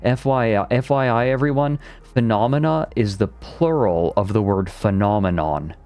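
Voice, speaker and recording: His voice sits on the low side, a little mellow, at a normal speed. Streaming casually, he reads a document aloud and thoughtfully dissects its grammar, nitpicking and laughing along.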